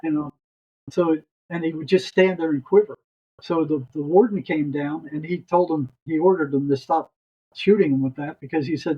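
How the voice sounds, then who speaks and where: Older man with a husky, slightly high voice. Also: fairly even intonation, normal speed, highs cut off. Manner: rambling, repeats words as he restarts. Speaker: guest, retired psychotherapist. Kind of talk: long storytelling anecdote.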